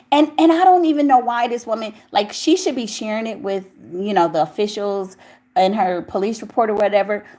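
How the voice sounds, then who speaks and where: A woman commentating on celebrity gossip, reading news aloud and breaking off with outspoken, incredulous reactions. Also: medium pitch. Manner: outspoken, incredulous, exclaims loudly.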